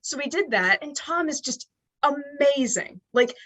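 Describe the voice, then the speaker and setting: Animated young woman telling a story. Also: sits high, a little slow. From US Northeast. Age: young adult. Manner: animated, acts out quoted dialogue. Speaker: podcast guest. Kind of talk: storytelling in an interview.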